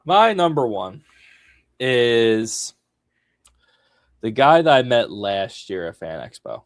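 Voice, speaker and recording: A man co-hosting a casual podcast, talking slowly and with enthusiasm about his favorite voice actor. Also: mid-range voice, very animated, no room sound, clean studio sound. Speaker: podcast co-host.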